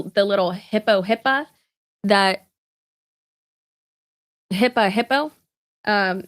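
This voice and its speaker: A chatty woman, talking casually on a live stream. She rambles through asides full of fillers and quick laughs, at an everyday middle pitch. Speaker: vlogger.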